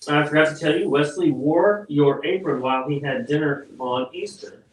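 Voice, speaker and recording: A man's voice: fairly high pitch, normal speed, a little hiss or hum. A man co-hosting a live painting stream, reading out viewer comments and making jokes. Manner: joking, reads out viewer comments. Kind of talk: casual live-stream banter. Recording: roomy, distant off-mic voice.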